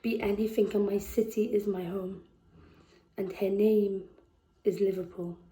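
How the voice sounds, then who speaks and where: A woman with a Scouse accent performing spoken word poetry, slow and deliberate, with emphatic repetitions. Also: medium pitch, fairly even intonation, mellow, roomy sound, low-quality recording. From England. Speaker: poet. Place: festival venue indoors.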